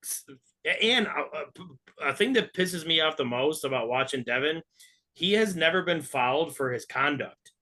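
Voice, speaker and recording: Brief: male podcast co-host, blunt and profane, bright, forceful tone. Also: a little high, expressive, normal speed. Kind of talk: casual podcast chat.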